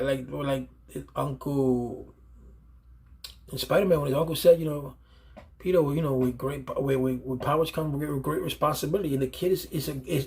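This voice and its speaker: A father speaks off the cuff to other fathers, offering earnest, emphatic advice and often repeating himself or restarting phrases. His voice is on the high side, gravelly and slightly rough.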